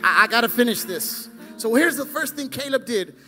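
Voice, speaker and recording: A male pastor preaching a fervent sermon, swinging between loud exclamations and hushed asides. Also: very high voice, lively intonation, normal speed, faint music behind, some chatter behind.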